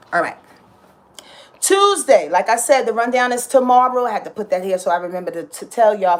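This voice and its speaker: A woman giving a casual astrology talk, passionate and dramatic, emphatic and repetitive, with slang and swearing. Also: mid-range voice. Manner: profane and slangy.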